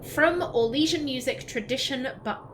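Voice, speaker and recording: Let's-play host, woman, slightly high voice, emotional lore reader, faint hiss behind. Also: poor audio. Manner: emotional, reads verse gently, then chats with quick laughing asides. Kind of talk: reading in-game texts aloud with casual commentary.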